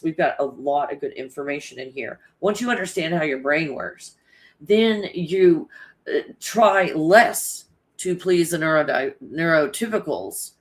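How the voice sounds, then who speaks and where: A livestream host chatting casually with viewers and reading out their comments, in a rambling, loose manner that is full of swearing and frequent laughter. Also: medium pitch.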